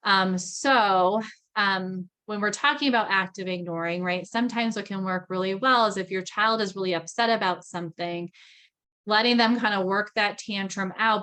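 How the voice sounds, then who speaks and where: A woman in her thirties giving a parenting training talk, chatty, with frequent "right?" checks, acting out parent and child lines in a lively voice. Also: medium pitch, normal speed. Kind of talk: recorded training lecture.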